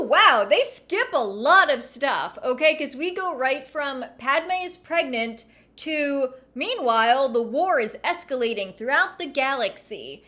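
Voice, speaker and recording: A woman's voice: fairly high pitch, a bit bright. A woman reading a children's book aloud and breaking off for wry, chatty asides. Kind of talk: casual reading with commentary.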